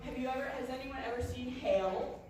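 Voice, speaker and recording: A woman leading a large band rehearsal, giving lively instructions and singing phrases to demonstrate. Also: high voice, a little fast. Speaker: band conductor. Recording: echoey room from far off, with noise.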